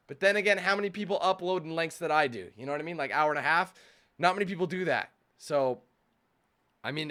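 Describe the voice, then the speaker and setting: A man's voice: fairly high pitch, fairly bright tone. A young man hosting a gaming channel, ranting casually to his viewers with many restarts, acting out their voices in exaggerated tones. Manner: rambling with many restarts and "you know what I mean". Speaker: YouTube gamer channel host. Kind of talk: casual rant to camera.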